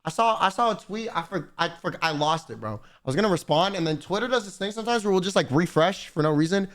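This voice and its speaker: A young man streaming, chatting casually and swearing, slangy and animated as he rants to his chat. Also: sits high, fast talker.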